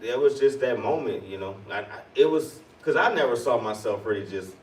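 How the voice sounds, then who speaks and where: Lively man with a bouncing voice, echoey hall. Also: medium pitch, fairly quick. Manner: lively, laughing, uses slang. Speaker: panelist. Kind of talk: casual panel storytelling. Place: convention hall. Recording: echoey hall, distant mic, audible noise.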